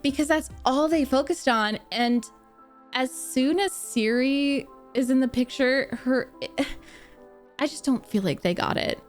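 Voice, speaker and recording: A young woman streams a casual chat with her viewers, her voice sitting a little high as she gushes and laughs between thoughts. She takes her time and lets each remark unfold slowly. Soft music plays faintly underneath. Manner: gushing and animated, laughs often, answers chat comments. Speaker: streamer reacting to a book series.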